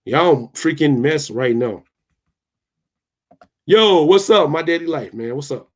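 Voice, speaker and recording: A man's voice: a little high, expressive, takes it slowly. A young man hosting a tech channel, ranting heatedly and casually while reading his live chat. He repeats himself a lot and swears freely. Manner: fired up, repetitive, swears freely.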